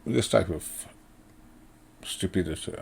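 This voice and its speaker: A man's voice: low voice, takes it slowly, vocal fry, darkish tone, breathy edge. A middle-aged man from India giving a blunt, sardonic monologue commentary, profane and full of fillers. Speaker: political commentator.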